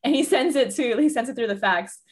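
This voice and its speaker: A woman's voice: high-pitched, animated, fairly quick. A woman casually reviewing a film, retelling scenes in a rambling, filler-heavy way.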